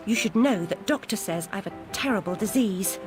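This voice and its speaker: A woman's voice: medium pitch, animated, moderate pace, natural voice. Dry defiant young heroine voiced by a woman, video game, big music over it. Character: troubled young woman heroine, sharp-tongued. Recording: game audio with loud music.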